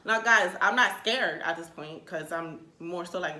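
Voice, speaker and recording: A young woman in her twenties telling a comedic storytime rant, animated and swearing, with exasperated outbursts. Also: fairly low pitch, measured pace. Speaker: vlogger. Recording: echoey room.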